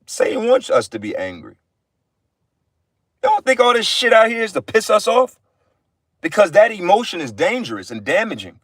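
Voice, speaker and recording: A man's voice: high voice, wildly swooping pitch, moderate pace, pauses often, fairly bright tone, no echo. A man giving an informal livestream sermon, blunt and profane, repeating phrases for emphasis. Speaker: livestream preacher.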